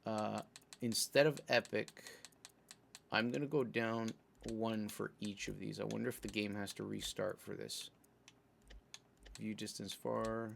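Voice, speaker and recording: An Italian man streams a game, chatting casually about his play and the menus and explaining things at length as he moves through them. His voice sits fairly low with fairly even intonation, a little slow and creaky. A slight hiss or hum runs underneath.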